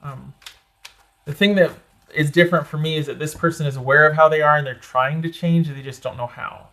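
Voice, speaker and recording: A man's voice: on the high side, steady tone, fairly quick, bright, forceful tone. A man giving a casual tarot reading, rambling and chatty with lots of fillers, his voice getting a little crackly. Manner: chatty and rambling, with many "like" and "you know" fillers. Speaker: tarot reader.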